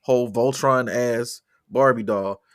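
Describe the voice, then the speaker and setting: A man's voice: medium pitch, unhurried. A man co-hosting a music podcast in casual, jokey chat. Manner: animated, jokey, breaks into loud impressions. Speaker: podcast co-host.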